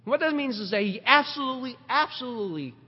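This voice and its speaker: A middle-aged man preaching a sermon, animated, asking rhetorical questions and repeating words as he builds his points. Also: very high voice, quick pace, breathy edge. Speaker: pastor. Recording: dull recording with long hall reverb.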